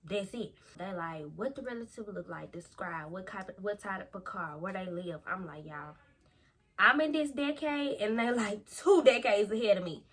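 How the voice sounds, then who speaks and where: A young woman vlogger telling a storytime in a lively, slangy way, acting out quotes. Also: medium pitch, normal speed, slightly rough. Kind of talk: storytime vlog.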